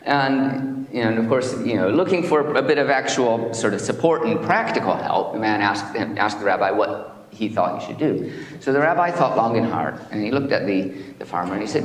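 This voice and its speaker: A man's voice: on the low side, lively intonation. Man leading worship in an echoey hall. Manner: slow, measured prayer reading; hesitant fillers when speaking freely. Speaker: minister. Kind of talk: worship service and storytelling. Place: chapel hall.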